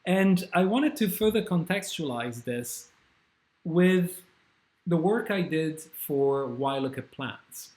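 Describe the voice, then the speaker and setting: A man's voice: on the high side, expressive, slow, a little mellow. Enthusiastic male scholar giving a talk. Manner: enthusiastic, with frequent fillers. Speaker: scholar and speaker. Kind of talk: academic talk.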